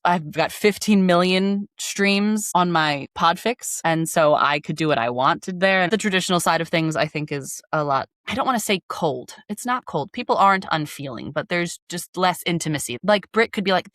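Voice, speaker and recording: A woman's voice: fairly low pitch, a bit bright, no room sound, clean studio sound. A woman who narrates audiobooks, talking casually in an interview with lots of filler words. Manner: chatty, many "like" fillers, demonstrates voices in passing.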